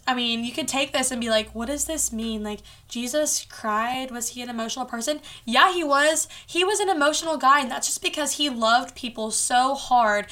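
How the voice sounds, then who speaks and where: A woman's voice: on the high side, pushed and bright. A woman hosting a casual faith podcast, talking earnestly and chattily with lots of "like" fillers. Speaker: podcast host.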